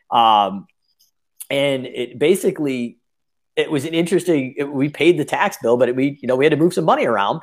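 A man's voice: medium pitch, lively intonation, a little fast. A man who owns businesses, giving a long, rambling interview answer full of fillers and restarts. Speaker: business owner guest.

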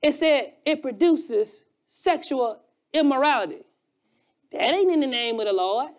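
A preacher delivering an emphatic sermon, shouting key lines and repeating phrases for effect, with quieter, quicker asides in between. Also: high voice, animated. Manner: drops to a quiet, fast aside at times.

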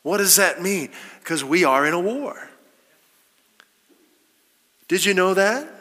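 Bright-voiced preacher in a reverberant hall. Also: male voice, high voice, lively intonation, slow pace. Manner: emphatic, rhetorical questions, quoting scripture. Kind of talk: sermon.

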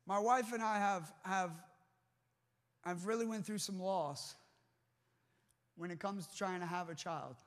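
A man's voice: sits high, unhurried, pauses often. A man preaching a sermon with fervent emphasis and restarts, before a live congregation in a large hall. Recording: long hall reverb.

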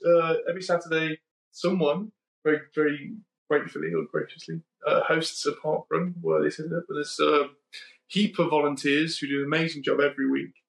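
Gravelly man hosting in an echoey room. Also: a little high, steady tone, a little fast. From United Kingdom. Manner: chatty, rambling, with frequent ums and self-corrections. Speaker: podcast host. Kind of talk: casual conversational podcast chat.

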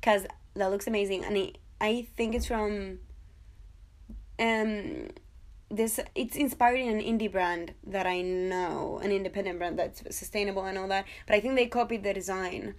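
A young woman in her twenties hosts a casual TV review podcast. She is chatty and excitable, jokes around and addresses her listeners directly as if they were guests at a party. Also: mid-range voice, moderate pace. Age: 20s. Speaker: podcast host.

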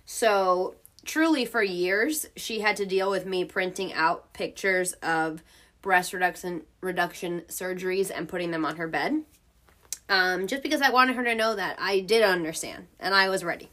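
A woman's voice: fairly low pitch, normal speed, sharp tone. A young woman hosting a podcast, telling a personal story in a frank, profane way and laughing often. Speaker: podcast host. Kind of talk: casual storytelling.

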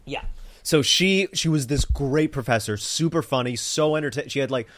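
A man's voice: mid-range voice, normal speed, dry recording. Young guy rambling through a funny story on a podcast, dry close mic. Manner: rambling storyteller, animated quoting. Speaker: podcast co-host. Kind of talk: casual comedic chat. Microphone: studio mic on a stand.

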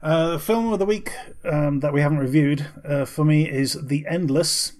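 A man's voice: on the high side, moderate pace, a little mellow. A man co-hosting a casual film review podcast, talking with many ums and restarts. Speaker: podcast co-host.

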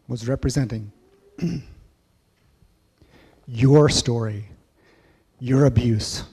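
Animated male storyteller in a reverberant hall. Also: medium pitch. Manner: animated storyteller, acts out kids' voices. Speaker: church speaker. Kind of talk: storytelling sermon.

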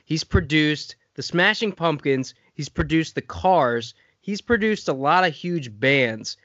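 A man's voice: a little high, a little slow, dry recording. Worked-up man swearing in casual chat. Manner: animated, swears a lot, gets worked up. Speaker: podcast host. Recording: dry, dull lo-fi sound.

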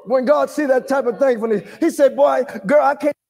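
A man preaching a charismatic sermon, shouting in a sing-song cadence, calling for responses and breaking into tongues. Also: very high voice, fairly quick, gravelly. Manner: calls for congregation responses.

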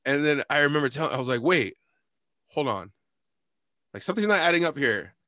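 A man in casual chat, telling a bar story in an animated, profane way, laughing and acting out what people said. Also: fairly high pitch, a little fast, no echo, clean studio sound. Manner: animated, profane, laughs often, acts out quotes.

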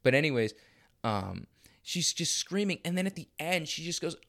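A young man hosting a podcast from a room at home, testing stand-up material in a profane, animated and rambling way, with frequent restarts. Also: a little high, moderate pace. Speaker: podcast host.

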